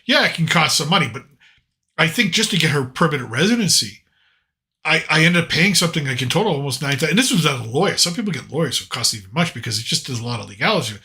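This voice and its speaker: Bright-voiced American man telling stories. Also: a little high, lively intonation, fast. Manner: rambling anecdotal, frequent restarts and quoted dialogue. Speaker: podcast host. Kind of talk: casual storytelling chat.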